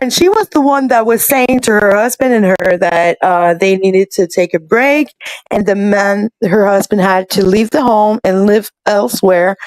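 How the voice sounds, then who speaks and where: A woman in a casual stream chat, recounting a story haltingly with many fillers. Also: medium pitch, no room sound, low-quality recording.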